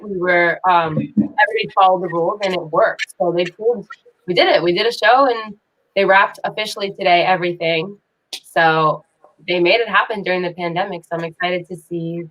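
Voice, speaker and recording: A woman actress chatting on a video call, animated and laughing often as she talks about her work. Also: fairly low pitch, rough recording. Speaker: actress guest. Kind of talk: casual video call chat.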